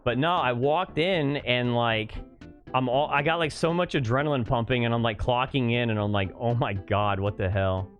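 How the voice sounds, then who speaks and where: A man's voice: medium pitch, normal speed, highs cut off, soft background music. Casual swearing young man chatting on stream. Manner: rambling storytelling with many fillers and swearing. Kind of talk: casual chat to a live stream chat while playing.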